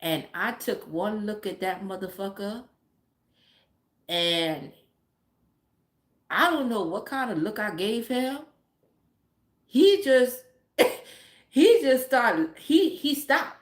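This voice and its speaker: A woman's voice: medium pitch, animated, slow pace, long pauses. Blunt, profane woman telling a story. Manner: blunt, profane, lots of fillers. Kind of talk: casual live storytelling. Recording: roomy echo.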